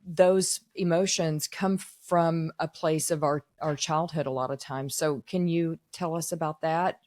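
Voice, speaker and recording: A woman hosts a podcast interview in a fairly low voice. She asks reflective, searching questions with some fillers and pauses. The sound is dry and close. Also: fairly even intonation, darkish tone, dry recording. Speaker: podcast host. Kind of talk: interview conversation.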